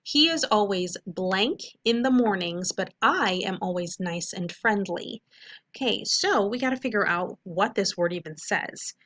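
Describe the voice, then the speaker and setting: A woman teaching a recorded phonics lesson, walking through each step clearly and checking in with "okay?" after each point. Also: mid-range voice, animated, a little slow, fairly bright tone.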